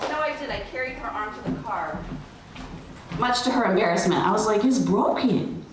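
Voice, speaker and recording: A middle-aged woman speaking at an event, telling a personal story in an animated, chatty way with lots of fillers. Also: mid-range voice, normal speed, pauses often. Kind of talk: storytelling speech to a crowd. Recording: roomy, distant PA sound with light noise.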